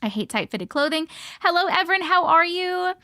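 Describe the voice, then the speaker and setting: A woman hosting a casual livestream, reading viewer comments aloud and greeting people by name, playful and quick to laugh. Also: very high-pitched, animated, pushed and bright, dry recording, studio quality. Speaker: livestream host.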